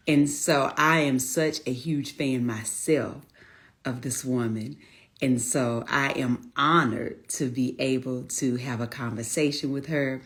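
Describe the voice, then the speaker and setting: A woman in her forties chats casually on her own livestream, speaking into a phone or laptop mic. She greets viewers by name, calls them honey, and keeps up a friendly, excited patter while waiting for her guest. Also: very deep voice, a little slow. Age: 40s. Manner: warm, chatty Southern-style greetings, calls viewers honey and y'all. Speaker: livestream host.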